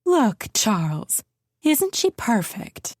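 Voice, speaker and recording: A woman voicing a doting, genteel grandmother who coos and speaks gently but firmly, in an audiobook. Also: on the high side, sing-song, slow, dry recording, studio quality, heavily acted. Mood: cooing. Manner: cooing, gently firm. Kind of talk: audiobook character voice.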